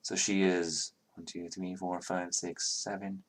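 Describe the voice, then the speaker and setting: A man's voice: deep voice, level tone, a little slow. A man narrating as game master in a tabletop game, loose and chatty as he counts out the moves.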